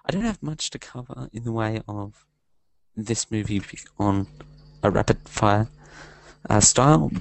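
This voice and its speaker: A man's voice: on the low side, expressive, a little slow, vocal fry, pauses often, no echo, poor audio. A man doing a casual, rambling film review segment for a podcast, hesitant and full of fillers, amused by his own jokes.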